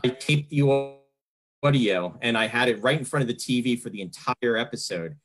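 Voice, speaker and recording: A man's voice: mid-range voice, expressive, normal speed. A man in his fifties from the New York area, hosting a casual fan interview and talking in long, rambling runs. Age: 50s. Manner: rambling, many fillers and restarts. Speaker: host.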